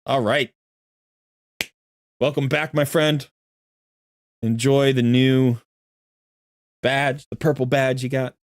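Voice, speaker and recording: A man's voice: medium pitch, little pitch movement, takes it slowly, pauses often, no room sound. A man giving chatty, rambling live-stream commentary as he looks through a viewer's game account, often correcting himself.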